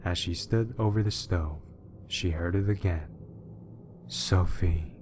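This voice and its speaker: A man reading a horror story aloud as scripted narration, in a measured, even manner. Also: deep voice, background noise.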